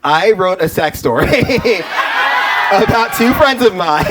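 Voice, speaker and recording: A young man performing a stand-up comedy set before a live audience, jokey and animated, often laughing mid-line. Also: high voice, moderate pace. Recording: loud crowd and noise of a live club.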